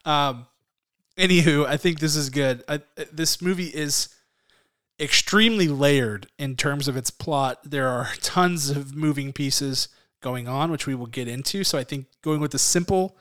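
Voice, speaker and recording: A man's voice: on the high side, a little slow, fairly bright tone. A man in his thirties co-hosting a podcast in casual chat, chatty and self-deprecating, laughing often. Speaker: podcast co-host.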